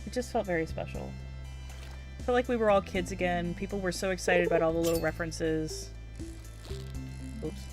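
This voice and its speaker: A woman's voice: lowish voice, steady tone, a little fast, long pauses, over music. A woman streamer chatting casually and giggling while she plays a game. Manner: chatty and giggly, talks to herself while playing. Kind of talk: casual gameplay commentary.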